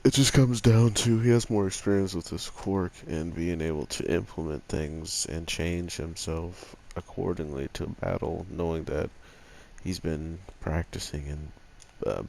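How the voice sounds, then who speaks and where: A man's voice: sits low, creaky, darkish tone, slight background noise. A man casually reviewing an anime episode late at night, sounding sleepy and rambling in a laid-back way.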